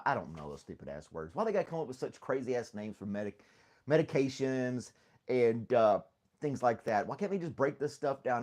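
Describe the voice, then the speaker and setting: A man's voice: mid-range voice, darkish tone. A middle-aged man hosting a casual live stream chat, talking in a rambling, easygoing way and laughing often as he reads viewer comments.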